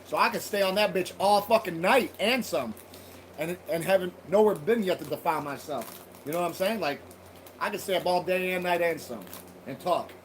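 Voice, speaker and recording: A man chats with viewers on his livestream in a loose, profane, joking way. His voice sits high, and he speaks into a phone or tablet at home. A faint hiss runs underneath. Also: moderate pace, poor audio. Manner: loose, profane, laughing banter. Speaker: livestream host. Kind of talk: casual livestream chat with viewers.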